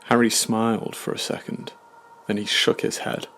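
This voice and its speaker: A man narrating a scripted horror story in a measured, somber way. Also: on the low side, flat delivery, fairly bright tone.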